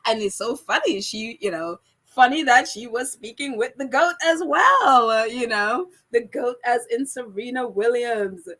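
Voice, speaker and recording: Bright, high-voiced woman, laughing often. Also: animated, unhurried. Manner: laughs often, voice jumps around in pitch. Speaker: livestream host reading viewer comments. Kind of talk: casual live chat.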